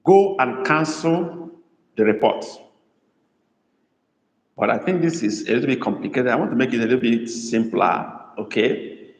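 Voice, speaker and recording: A man's voice: medium pitch, expressive, fairly quick, pauses often. A man teaching a live online language lesson, who repeats phrases and coaxes his students to answer. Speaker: language tutor. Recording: echoey room with long reverb.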